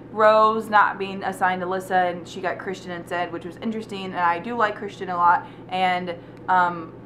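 A woman's voice: medium pitch, a bit bright, a little hiss or hum. A young woman giving an emotional, rambling book review from home, gushing and often trailing off mid-thought. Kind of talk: casual video review. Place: at home indoors.

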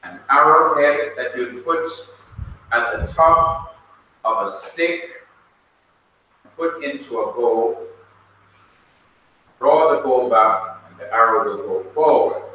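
A man with a Jamaican accent teaching a classroom lesson, slow and patient, spelling words out letter by letter. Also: mid-range voice, animated, lo-fi sound. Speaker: Bible college teacher. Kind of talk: classroom lecture. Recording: echoey room, distant mic, faint noise.

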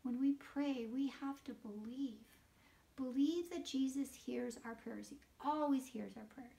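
A woman leading a children's liturgy, reading scripture aloud and explaining it to children in an animated storytelling way, sometimes dropping to a whisper. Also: high voice, unhurried, vocal fry. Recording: voice picked up from a distance.

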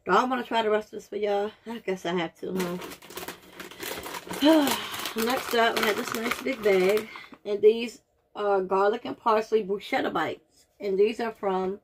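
A woman's voice: mid-range voice, steady tone, measured pace. Woman, casual taste-test vlog, dramatic groaning reactions, faint background hiss. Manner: dramatic, groaning reactions, talks straight to viewers. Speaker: vlogger.

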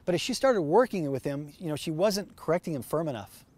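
Fast-talking man hosting a dog training show. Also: fairly high pitch, animated, darkish tone. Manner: upbeat, explanatory, many fillers and restarts. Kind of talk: instructional TV show.

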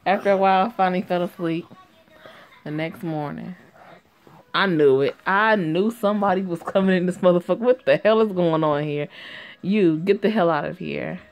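Sassy low-voiced woman reading a story game. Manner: sassy, profane and quick to laugh. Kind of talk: casual game commentary and reading aloud.

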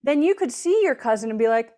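A woman speaks as a guest on an interview podcast, explaining her ideas earnestly in a conversational way. Her voice sits a little high, and she sometimes slips into lively quoted voices. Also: quick pace.

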